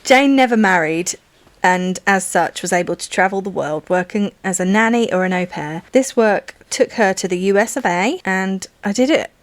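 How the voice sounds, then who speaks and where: A woman co-hosts a true crime podcast, reading out the case. She breaks off into giggly tangents now and then. Her voice sits at an ordinary pitch and sounds close and dry. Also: moderate pace, dry recording. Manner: reads the story, then breaks off into laughing tangents. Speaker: podcast co-host narrating cases.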